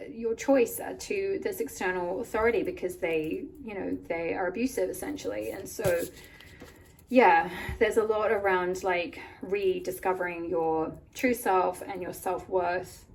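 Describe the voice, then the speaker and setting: A woman with a croaky voice from a cold, giving a rambling pick-a-card tarot reading full of "like" and "um". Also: on the low side, darkish tone. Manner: rambling, many "like" and "um" fillers. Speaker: tarot reader. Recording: voice a bit far from the mic, faint room noise.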